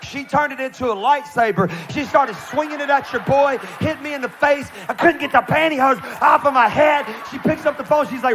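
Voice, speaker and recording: High-voiced animated male preacher. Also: a little fast, hardly any pauses, noisy background. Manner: animated, acts out voices in his stories. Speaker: pastor. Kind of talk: sermon with comic storytelling.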